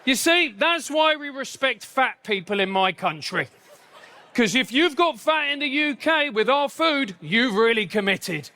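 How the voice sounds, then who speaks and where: Bright-voiced English stand-up comic. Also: male voice, very high-pitched, lively intonation. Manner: punchy, self-mocking delivery with quick asides. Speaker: stand-up comedian. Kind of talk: live stand-up comedy.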